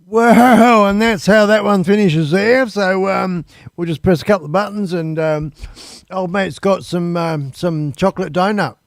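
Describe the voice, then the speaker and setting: A man's voice: sits high, measured pace, vocal fry, no echo, clean studio sound. A man hosting a live stream, chatting casually and rambling with lots of ums and uhs. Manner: easygoing, swears casually.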